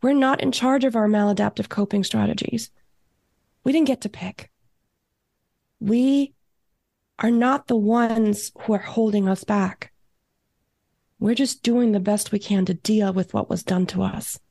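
A woman's voice: mid-range voice, a little slow, creaky, long pauses, warm tone, no room sound, studio quality. A woman guest on a casual podcast, talking emphatically and swearing for emphasis.

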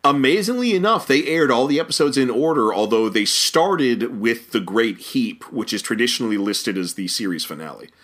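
A man co-hosting a podcast chats with a lively voice that rises and falls a great deal. His tone is bright and forceful. He chuckles often and stumbles over names as he talks. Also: medium pitch, moderate pace, hardly any pauses. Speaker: podcast co-host. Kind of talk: casual chat about a cartoon series.

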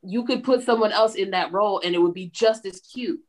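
A woman's voice: medium pitch, brisk. A woman co-hosting a casual movie podcast, blunt and profane, laughing often. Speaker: podcast co-host. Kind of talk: casual movie review chat.

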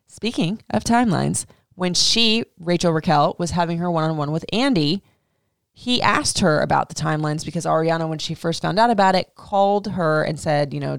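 A woman podcast host giving a casual, animated recap rant about a reality show. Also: deep voice, normal speed, creaky, clean tone, no room sound, clean studio sound. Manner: animated, indignant, swearing.

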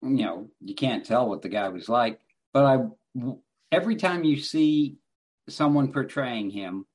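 A man's voice: mid-range voice, animated, unhurried, darkish tone, breathy edge. A man, an actor guest in an interview, answering in a wry, self-deprecating way. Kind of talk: casual interview.

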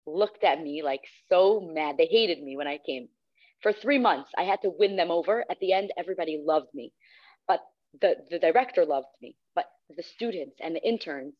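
Young female guest, storyteller who acts out quotes, low-ish voice, dull recording. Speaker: guest, radio host. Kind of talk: casual storytelling in an interview. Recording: slightly muffled recording.

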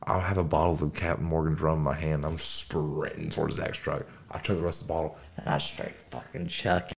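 Very low gravelly young man. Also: fairly quick. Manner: animated storytelling, laughs often. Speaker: podcast co-host. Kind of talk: casual chat.

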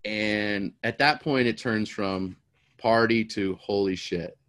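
A middle-aged man casually telling a long, rambling story, animated and often repeating words as he goes. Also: on the low side, slow, dry recording. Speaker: storyteller guest.

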